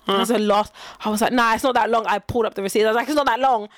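A woman's voice: a little high, rapid-fire, no room sound. A young woman chatting casually, telling stories and acting out the people in them with lots of laughter. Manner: laughing storyteller, acts out quoted lines. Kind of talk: casual chat.

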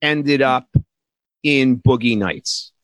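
A man's voice: medium pitch, slow pace, a bit bright, no room sound. A man co-hosting a casual podcast, upbeat and joking as he introduces the episode. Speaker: podcast co-host. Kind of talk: casual chat.

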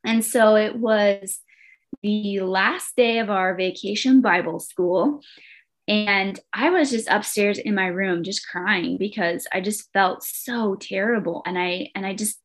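Earnest woman sharing her story. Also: medium pitch. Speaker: podcast guest. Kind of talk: personal testimony in conversation.

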